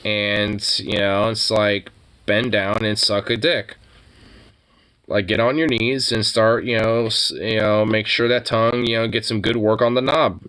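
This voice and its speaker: A man's voice: fairly low pitch, little pitch movement, a little slow, fairly bright tone, clean tone. A man ranting casually about politics, profane and rambling, with lots of filler words. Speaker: podcast host.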